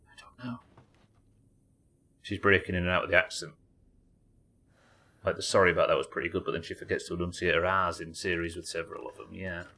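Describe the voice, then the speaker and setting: Low husky British man streaming a game. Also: level tone, brisk, pauses often, pushed and bright. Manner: muses aloud, reads in-game notes, chats to viewers. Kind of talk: live gameplay commentary.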